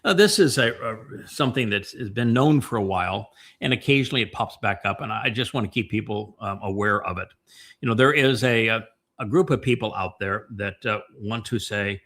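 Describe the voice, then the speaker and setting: A man hosting a podcast, talking through casual commentary in a meandering way, with many fillers and restarts and a slower pace on the points he stresses. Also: medium pitch, fairly bright tone. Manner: emphatic, slows down on key points. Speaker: podcast host.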